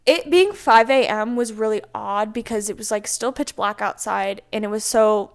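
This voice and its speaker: A young woman co-hosting a podcast, telling stories in an animated casual chat and laughing often. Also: mid-range voice, moderate pace, clear, resonant tone. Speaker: podcast co-host.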